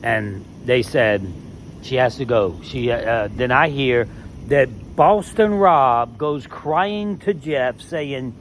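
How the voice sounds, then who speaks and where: A former reality show contestant telling a story in a heated, emphatic way, swearing freely. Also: male voice, mid-range voice, slow pace, slight background noise. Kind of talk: casual storytelling rant.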